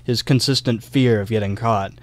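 A man's voice: on the low side, steady tone, normal speed, no echo. A young man co-hosting a casual history podcast, telling a story loosely with fillers and small laughs. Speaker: podcast co-host.

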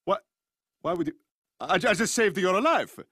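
A man's voice: high-pitched, sing-song, normal speed, bright, forceful tone, slightly rough, no room sound, clean studio sound, heavily acted. A man playing a petty plumber hero who whines and argues. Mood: indignant. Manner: whiny, indignant.

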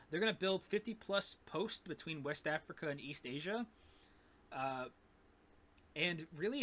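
A man's voice: fairly high pitch, sharp tone. A man teaching a recorded history lesson in a casual, rambling way, full of fillers and "right?" checks. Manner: casual, repetitive, with many fillers and "gonna", "right?".

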